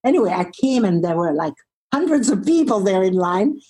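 A woman, a relationship therapist, telling a story as an interview guest, expressive and slowing down for emphasis. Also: medium pitch, husky, poor audio.

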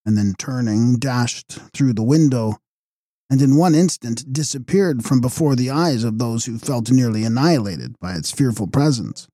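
A male audiobook narrator reads a gothic novel with measured drama. His voice is dark and mellow with some huskiness, and the recording is dry and close. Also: medium pitch, animated, no room sound.

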